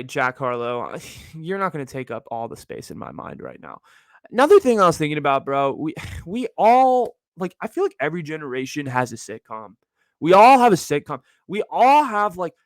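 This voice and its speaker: A man of twenty-one from Northern California, hosting his own show in a rambling, slangy solo rant that jumps to high, exasperated tones. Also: dry recording. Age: early 20s. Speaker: podcast host.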